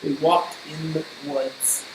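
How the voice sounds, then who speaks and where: A woman reading a children's storybook aloud in slow, measured narration. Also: low voice, little pitch movement. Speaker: storybook reader. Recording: roomy echo, faint hiss.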